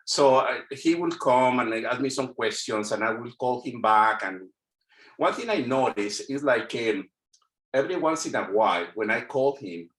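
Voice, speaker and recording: A man's voice: mid-range voice, expressive, moderate pace, fairly bright tone. A middle-aged man from Mexico with a Mexican accent, speaking English as a second language. He is a guest telling stories animatedly, with many restarts and repeated words, over a video call. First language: Spanish. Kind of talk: casual storytelling interview. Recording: roomy echo.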